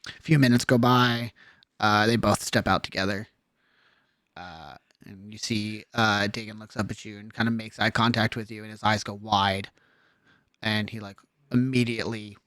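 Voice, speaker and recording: A man narrating a tabletop game as game master in a relaxed, loose way, with many fillers and restarts. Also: fairly low pitch, no echo, studio quality.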